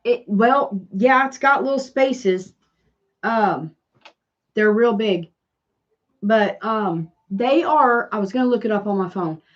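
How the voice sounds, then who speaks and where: Southern woman, crafting livestream host, slow rambling chat with viewers, slightly dull lo-fi sound. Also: mid-range voice. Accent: Southern American. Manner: rambling, chatty, reads and answers live comments.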